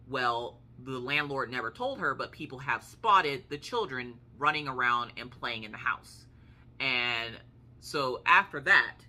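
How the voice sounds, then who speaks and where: A woman in her thirties tells a story to camera in a loose, chatty way. She acts out what others said and swears offhandedly. Her voice has a bright, sharp edge. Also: very deep voice. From United States. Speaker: vlogger. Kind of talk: casual storytelling.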